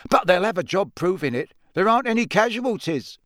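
A man's voice: high voice, very animated, a little fast, a bit bright, no echo, studio quality, voice pushed up. Amos Diggory, a man doing a harried wizard official. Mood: urgent. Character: harried middle-aged male wizard official.

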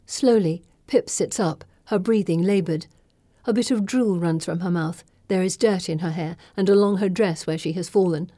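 A woman reading first-person scripted narration in a measured, dramatic way. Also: fairly low pitch, dark tone, dry recording. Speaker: audiobook narrator.

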